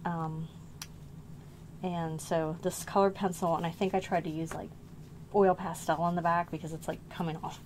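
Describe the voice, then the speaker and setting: A lower-voiced middle-aged woman talks through her old art in a loose, rambling way, stopping to correct herself and sounding a little out of breath. The recording has steady noise in the background. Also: moderate pace, rough recording. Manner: rambling, self-correcting, unsure recollections. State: short of breath. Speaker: art channel host. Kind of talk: casual show-and-tell vlog.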